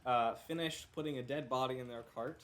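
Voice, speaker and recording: A man's voice: medium pitch, fairly quick. Rambling male game master with a cough. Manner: rambling, self-correcting, joking. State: coughing, sounds unwell. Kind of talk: casual tabletop game recap.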